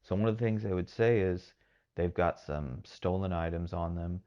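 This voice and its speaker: A man's voice: low-pitched, moderate pace, mellow, lo-fi sound. A man from Texas hosting a podcast, giving rambling casual commentary with lots of fillers and hedges. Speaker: podcast host.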